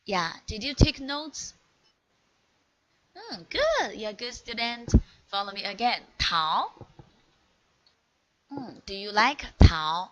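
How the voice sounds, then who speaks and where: A woman whose first language is Chinese, teaching an online one-on-one lesson in English, slow and encouraging, praising often and modelling each word clearly. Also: mid-range voice, expressive, fairly bright tone, rough recording. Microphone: video call.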